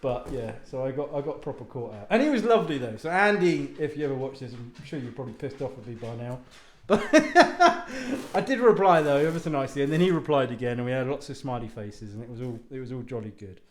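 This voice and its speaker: Speaking quickly and expressively at a medium pitch, a man chats to viewers from his home lounge. He wanders onto tangents, pokes fun at himself, and swears occasionally, all with a roomy echo in the recording.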